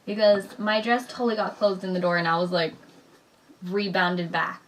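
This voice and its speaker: A woman's voice: medium pitch, a little fast, a bit bright, far from the mic, slight background noise. A young woman chatting casually with her husband, laughing often and acting out what people said. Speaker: vlogger talking with her husband. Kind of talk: casual chat.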